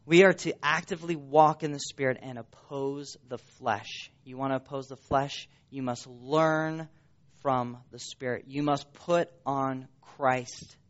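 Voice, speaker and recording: A man preaching a sermon with emphatic repetition, his voice swinging up and dropping low for stress. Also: fairly even intonation, unhurried. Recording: dull lo-fi sound.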